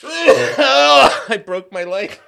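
Male show host, high and very animated voice, sarcastic, keeps cracking up laughing. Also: drawn-out words, vocal fry, a little hiss or hum. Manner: sarcastic, mocking delivery; keeps breaking into fits of laughter. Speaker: host of a call-in livestream show. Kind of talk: casual monologue.

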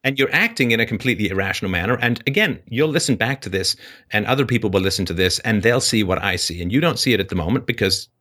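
A man with a low voice hosts a call-in show and argues with a caller, lecturing forcefully and interrupting. His pitch leaps sharply on the words he stresses, so the whole delivery swings widely up and down. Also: expressive, fast. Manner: lecturing, forceful, cutting in, pitch jumps high when stressing points. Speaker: host. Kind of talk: heated call-in debate.

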